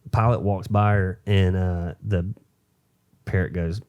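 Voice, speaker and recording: A man's voice: low voice, fairly even intonation, unhurried, darkish tone, clean tone. A young adult man co-hosting a podcast, telling a long shaggy-dog joke in a rambling, filler-heavy way. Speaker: podcast co-host.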